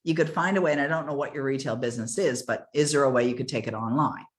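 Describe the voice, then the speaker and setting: A woman's voice: very deep voice, fast talker. An older woman giving an earnest, emphatic motivational coaching talk, repeating key words for stress. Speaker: success coach.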